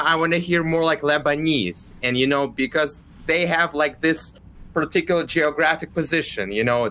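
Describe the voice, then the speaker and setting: A man's voice: fairly high pitch, bright, forceful tone, slight background noise. A man in casual podcast chat, hesitant, often restarting and repeating his words.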